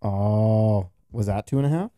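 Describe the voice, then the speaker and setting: A man's voice: lowish voice, unhurried, mellow, dry recording. A man chatting casually with a friend while building something, joking and poking fun at his own work. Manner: joking, self-mocking banter. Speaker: co-host. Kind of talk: casual chat while doing a craft project.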